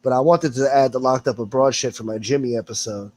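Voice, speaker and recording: A man's voice: mid-range voice, fairly even intonation, fast, darkish tone, a little hiss or hum. A man chatting as a guest about his videos, easygoing and profane. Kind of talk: casual chat.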